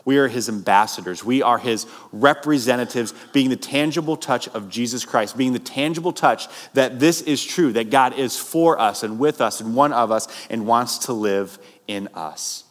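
A man's voice: mid-range voice, moderate pace, few pauses. A male pastor preaching a sermon, conversational, with rising emphatic bursts. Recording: long hall reverb.

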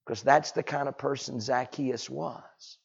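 A man preaching a sermon in a folksy way, dropping to hushed tones and rising to loud cries. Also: medium pitch, fairly even intonation, a little slow, gravelly, slightly rough, dull audio. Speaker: pastor.

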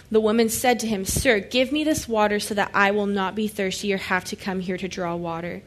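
Woman going through a bible passage, chatty, reads verses then explains, does little voices for the people in it, middle pitch. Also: normal speed. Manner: conversational, paraphrases scripture in lively everyday voices. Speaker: Bible teacher. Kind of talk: Bible teaching, reading and explaining scripture.

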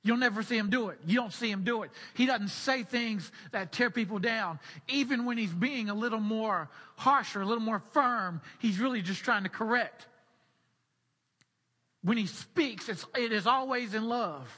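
High-voiced, husky preacher in a reverberant hall. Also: male voice, normal speed, sharp tone. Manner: repeats key phrases for emphasis; explains scripture in a teaching tone. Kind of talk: sermon.

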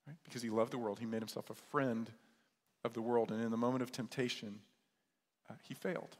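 A man's voice: mid-range voice, steady tone, a little fast. A man preaching a sermon as a pastor, repeating key words and asking the listeners questions. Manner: repetitive, rhetorical questions. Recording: echoey hall with long reverb.

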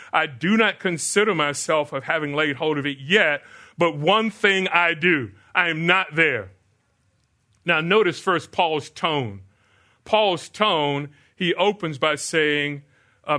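A man's voice: on the high side, measured pace, bright, forceful tone. An older man preaching a sermon, asking the congregation rhetorical questions and answering them himself. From United States. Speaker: pastor.

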